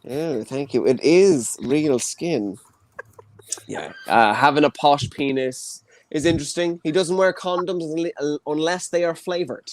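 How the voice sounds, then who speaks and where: Irish man, twenties, comedy host, slightly high voice, joking stand-up chat over a video call. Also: a little slow. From Ireland. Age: 20s. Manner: joking, chatty stand-up delivery. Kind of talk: live online comedy hosting. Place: childhood bedroom.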